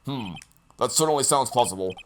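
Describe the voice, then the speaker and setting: A man's voice: medium pitch, expressive, fairly quick, slight background noise, close to an everyday voice. A man reading the lines of a fussy, easily baffled elderly male judge in a hesitant, questioning way.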